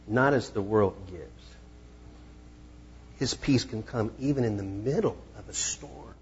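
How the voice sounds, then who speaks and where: A man's voice: on the low side, a little slow, long pauses, muffled recording, a little hiss or hum. A man preaching a conversational sermon as pastor, now and then acting out the disciples. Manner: conversational, acts out voices of the disciples.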